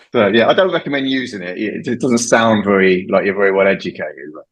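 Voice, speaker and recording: A middle-aged Englishman who teaches English chats casually about slang, explaining terms and laughing often. His voice is on the low side, his pace moderate, and the recording quality is low.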